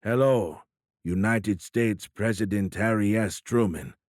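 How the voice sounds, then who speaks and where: A narrator voicing a formal, courteous alien admiral who speaks in a stiff, deliberate and measured way. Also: male voice, lowish voice, darkish tone, no echo, studio quality.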